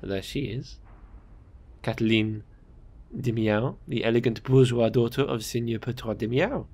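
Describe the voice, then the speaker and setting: A man's voice: medium pitch, measured pace, a little mellow. A British man hosting a let's play, chatting casually and reading game text aloud.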